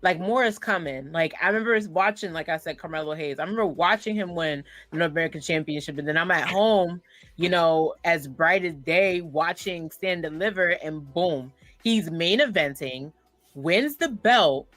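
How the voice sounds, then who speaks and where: A woman hosting a podcast, talking in a casual, animated, rambling way with lots of fillers. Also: fairly low pitch, moderate pace, dry recording. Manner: animated, rambling, says "like" often. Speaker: podcast host.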